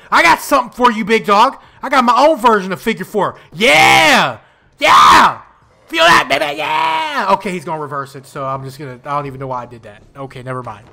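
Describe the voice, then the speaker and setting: A high, gravelly young man plays a wrestling video game and talks over it. He swings from loud, excited trash talk to mumbled asides, and his voice jumps up and down constantly. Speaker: gaming YouTuber.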